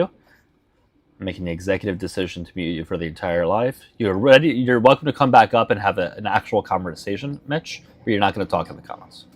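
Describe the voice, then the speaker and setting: A man hosting a casual live stream chat, talking bluntly, teasing his viewers and swearing freely. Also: fairly low pitch.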